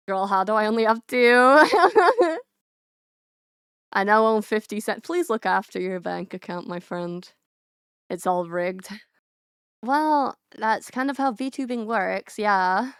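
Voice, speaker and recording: Speaking slowly with lively intonation, a woman with a medium-pitched, slightly bright, clean voice streams as a VTuber. She's young, bubbly, and giggly, talking directly to her chat in a casual way, recorded dry with clean studio sound.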